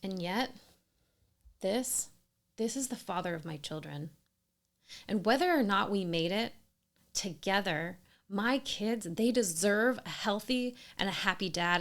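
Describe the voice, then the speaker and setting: A woman in her thirties telling her own story in scripted narration, earnest and emphatic, sometimes dropping to a soft whisper. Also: mid-range voice. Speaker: storyteller sharing a personal experience.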